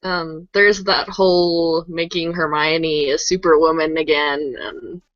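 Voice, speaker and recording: A woman's voice: low voice, little pitch movement, slow pace, no echo. A woman co-hosting a podcast, speaking casually and hesitantly, often unsure of herself. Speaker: podcast co-host. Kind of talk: casual discussion. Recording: dry, dull lo-fi audio.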